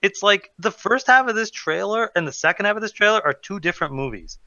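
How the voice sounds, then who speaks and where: Very fast, sharp-voiced young man. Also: high-pitched, lively intonation, no room sound. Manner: rapid-fire, profane, acts out quotes. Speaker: co-host. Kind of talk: casual podcast chat. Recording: dry, slightly dull mic.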